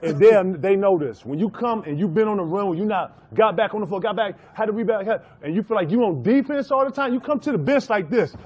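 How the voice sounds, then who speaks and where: Ex-hooper telling a story, kinda high voice, laughing a lot. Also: male voice, expressive, fast, few pauses, a little mellow, lo-fi sound. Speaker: former basketball player. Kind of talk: storytelling in a clip.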